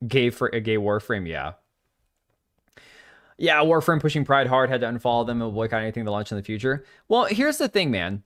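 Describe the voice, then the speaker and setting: A man's voice: medium pitch, sing-song, fairly quick, a bit bright. A young man hosting a casual gaming livestream, blunt and opinionated, often restarting his sentences. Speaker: livestream host.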